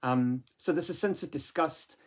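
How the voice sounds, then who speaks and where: A man's voice: on the high side, moderate pace. A man teaching a literature lesson in a chatty way, with many fillers and rhetorical questions. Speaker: English teacher.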